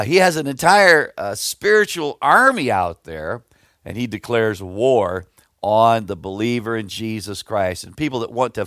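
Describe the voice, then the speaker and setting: A man's voice: mid-range voice, a bit bright, no room sound, clean studio sound. A middle-aged man preaching a devotional sermon, earnest and emphatic, with folksy asides and stories. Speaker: pastor.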